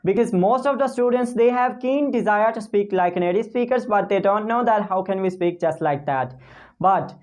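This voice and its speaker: A woman teaching spoken English pronunciation, talking casually to camera and slowly repeating model phrases for learners to copy. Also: medium pitch, darkish tone. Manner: many fillers and restarts, non-native phrasing.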